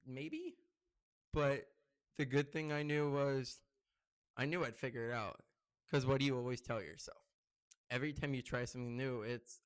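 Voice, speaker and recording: A man's voice: normal speed, pauses often, clear, resonant tone, no room sound. A young man hosting his own podcast, chatting casually and rambling through stories with many fillers. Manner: gets loud and high-pitched when excited. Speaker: podcast host. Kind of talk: casual solo podcast chat.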